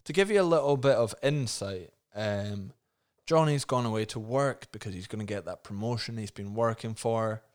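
A male podcast co-host in casual comedic chat, laughing and animated as he recaps. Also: on the low side, normal speed, few pauses, clean tone.

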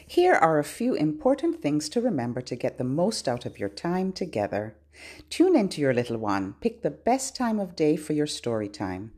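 A woman's voice: deep voice, mellow, breathy edge. A woman who is a children's librarian, hosting a sing-along lesson for babies in a playful, sing-song way. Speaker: children's librarian and podcast host.

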